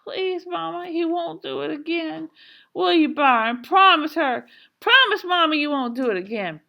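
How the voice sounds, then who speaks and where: A woman's voice: lively intonation, normal speed, gravelly, sharp tone, full character voice. Woman doing a sobbing little girl. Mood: pleading. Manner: high, tearful begging.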